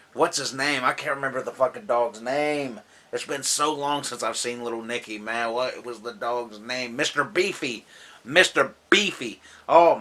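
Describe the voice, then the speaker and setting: A man's voice: medium pitch, pushed and bright. Tipsy, profane man ranting about movies. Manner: loose, rambling and profane, laughing often. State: drunk. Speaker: movie vlogger. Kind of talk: casual movie countdown.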